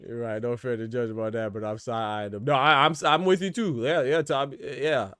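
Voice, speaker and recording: A man hosting a boxing livestream in relaxed, slangy talk, answering viewers from chat by name. His voice sits at an ordinary middle pitch. The sound is dry and close to the mic. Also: normal speed, clean tone, no room sound. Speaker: boxing commentary host.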